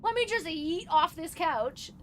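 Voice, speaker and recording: A woman's voice: very high voice, lively intonation, a little slow, a bit bright, a little hiss or hum, exaggerated voice. Breezy independent pet dog, airy and offhand, a woman speaking for her.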